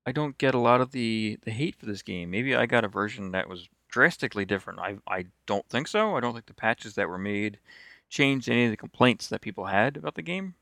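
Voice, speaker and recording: A man's voice: medium pitch, lively intonation, a little fast, gravelly, fairly bright tone, no room sound. A man co-hosting a gaming podcast, teasing dryly and laughing between remarks. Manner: dry teasing, laughs a lot. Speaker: podcast co-host. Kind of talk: casual chat.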